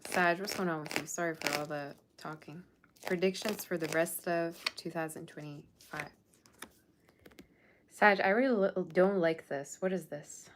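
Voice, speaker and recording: Low-voiced sassy woman tarot reader. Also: normal speed, noisy background. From Persian Russian background. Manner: sassy, blunt, scolding viewers. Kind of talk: casual tarot reading monologue.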